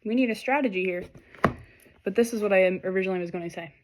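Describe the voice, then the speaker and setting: A young woman giving a casual, animated tarot reading straight to her viewers, swearing freely and talking directly to them. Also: medium pitch, fast talker. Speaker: tarot reader.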